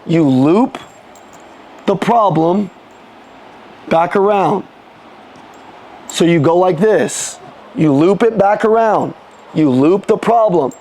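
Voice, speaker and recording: High-voiced man coaching a live sales room. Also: warm tone. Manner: punchy call-and-response coaching; casual, swears, quick restarts. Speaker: sales trainer.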